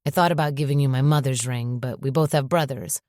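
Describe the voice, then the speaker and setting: A woman narrator voicing a tender, gently amused man in an audiobook, speaking softly. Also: a bass voice, fairly quick, dry recording, studio quality.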